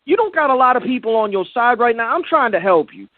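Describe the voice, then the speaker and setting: A man's voice: very high voice, lively intonation, quick pace, dry recording. A man calling in to a talk show, talking brash, slangy and boastful. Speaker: caller. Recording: tinny phone line.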